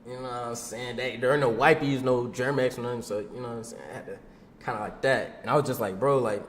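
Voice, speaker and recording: A young man casually telling a story from his own life to a camera. He talks in loose slang, says "bro" and "boom" a lot, and laughs along the way. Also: steady tone, brisk, echoey room, a little hiss or hum. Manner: slangy and laid-back, peppers talk with "bro" and "boom".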